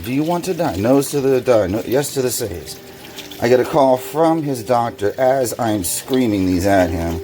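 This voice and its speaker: A somewhat low-voiced man vents his frustration while he washes dishes at a kitchen sink. His casual vlog talk turns loud and heated when he recounts arguments. Running water and clattering dishes fill the noisy background. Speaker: vlogger. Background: running water and dish washing.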